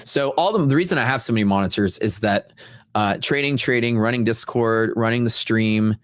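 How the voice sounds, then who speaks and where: A man's voice: mid-range voice, brisk, no room sound. A man hosting a casual livestream, rambling and repeating himself for emphasis, on a close studio mic in a sound-dampened room. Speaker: livestream host. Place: sound-dampened home streaming room with fiberglass panels. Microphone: close studio dynamic mic.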